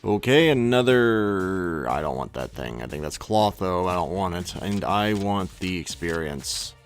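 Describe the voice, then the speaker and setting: A man's voice: deep voice, expressive, a little slow, faint music behind. A man giving casual, rambling commentary on his own gameplay, often correcting himself mid-thought. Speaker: let's play gamer.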